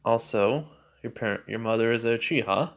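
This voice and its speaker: A calm ancient goddess woman who speaks in an offhand, teasing way, read by a young man in his plain voice. The delivery stays even and unhurried. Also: medium pitch, close to an everyday voice.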